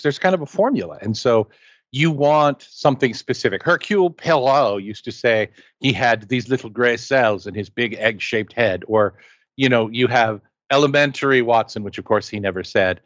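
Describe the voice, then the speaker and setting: A man's voice: mid-range voice, normal speed, a bit bright, no echo, lo-fi sound. A man co-hosting a casual movie chat, enthusiastic and rambling, with playful asides. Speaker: podcast co-host.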